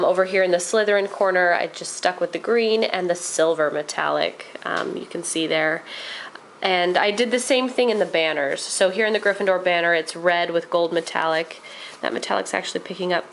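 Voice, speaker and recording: A woman's voice: fairly low pitch, gravelly, a little hiss or hum, low-quality recording. A woman vlogger chatting casually as she shows her craft project, rambling a little with frequent ums. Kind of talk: casual show-and-tell.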